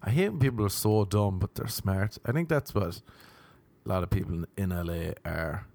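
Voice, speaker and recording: On the podcast he hosts, a thirtysomething male comedian wanders wryly through a relaxed monologue, leaping into high-pitched voices for quoted bits. He sounds a little mellow, with lively intonation, vocal fry, and a moderate pace.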